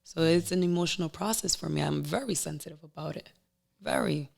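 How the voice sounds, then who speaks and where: Candid young woman guest, low-pitched. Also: brisk, vocal fry. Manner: candid, emotional, animated storytelling. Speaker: podcast guest. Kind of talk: casual chat.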